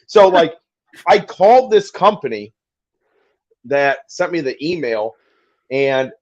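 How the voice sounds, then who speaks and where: A man's voice: fairly high pitch, slow, no room sound, lo-fi sound. A man co-hosting a collectors live stream, telling a story in casual chat, swearing often and acting out quotes. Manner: profane, animated storytelling with acted quotes.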